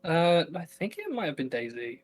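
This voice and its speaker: Young male co-host, slightly high voice, loose and rambling, restarts his sentences constantly. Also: big pitch swings, normal speed. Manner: rambling, self-interrupting, many fillers and restarts. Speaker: podcast co-host. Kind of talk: casual chat.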